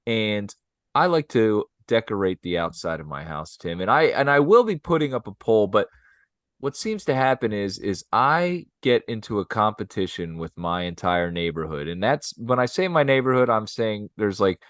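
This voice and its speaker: A man's voice: fairly low pitch, normal speed, no echo, clean studio sound. A man co-hosting a podcast, telling stories in casual chat and often asking "you know what I mean?". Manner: animated storyteller, 'you know what I mean', ham impressions. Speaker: podcast co-host.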